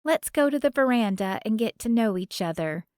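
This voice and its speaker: A woman's voice: animated, normal speed, no echo, studio quality, lightly acted. A woman narrator voicing an effusive, folksy grandmother in her sixties with a lyrical Southern accent, in an audiobook. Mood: teasing. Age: 60s. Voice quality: lyrical, higher and brighter. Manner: effusive, folksy, playfully bossy. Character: warm older Southern grandmother, former star singer.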